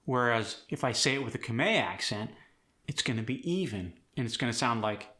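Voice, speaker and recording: A man hosting an accent lesson, walking through each sound clearly and cheering the viewer on. His voice sits at a middle pitch and rings bright and forceful. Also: lively intonation, normal speed. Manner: clear, demonstrative, encouraging. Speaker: accent coach. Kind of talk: accent tutorial.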